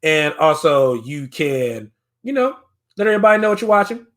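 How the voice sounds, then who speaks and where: A man's voice: fairly high pitch, very animated, moderate pace, a bit bright. A man casually hosting a virtual arts showcase, chatty and encouraging, laughing often as he talks. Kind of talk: casual live-stream hosting. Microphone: computer mic on a video stream.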